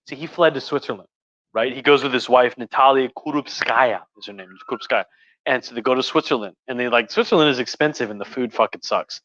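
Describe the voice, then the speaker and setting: His medium-pitched voice is fairly quick and fairly bright, and the recording is dry yet dull and muffled. A crude, profane host tipsy from wine, he runs a casual history livestream from a room in his home, rambling and starting over mid-thought.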